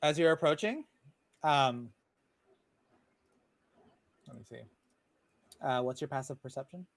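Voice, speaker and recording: A man narrating as game master of a tabletop game, talking in a relaxed, rambling way with many fillers over a video call. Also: mid-range voice, unhurried, creaky, no room sound. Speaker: dungeon master.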